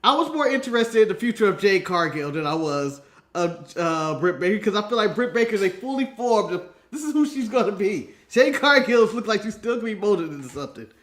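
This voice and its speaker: A man's voice: high voice, very animated, fairly quick, a bit bright. A man from the United States co-hosting a casual wrestling podcast, playful and swearing, often laughing through his words. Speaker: co-host.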